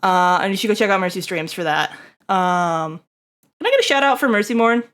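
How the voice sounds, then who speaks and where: A woman's voice: mid-range voice, expressive, a little fast, fairly bright tone. A young adult woman streaming, chatting casually to her viewers in a rambling way, swearing freely and laughing often. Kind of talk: casual live-stream chat.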